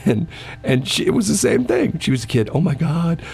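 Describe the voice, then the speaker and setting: A man's voice: a little high, wildly swooping pitch, brisk, vocal fry, darkish tone. A man hosting a morning radio show, telling stories in casual on-air chat with a rambling, stammering manner. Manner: rambling storyteller, stammers and repeats words. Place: radio studio.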